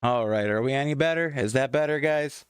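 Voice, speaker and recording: A man's voice: medium pitch, fairly quick, clear, resonant tone, no echo. A man hosting his own morning livestream from a home computer, talking in a rambling, chatty way and often restarting his sentences. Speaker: livestream morning show host. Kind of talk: casual live stream chat. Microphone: desktop microphone at a computer.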